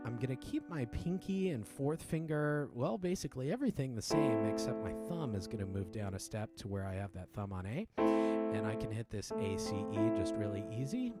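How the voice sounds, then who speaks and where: A man teaching a piano piece in a relaxed, explanatory way, with many fillers and restarts. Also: medium pitch. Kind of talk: casual spoken tutorial. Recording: piano playing loudly behind. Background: loud piano playing.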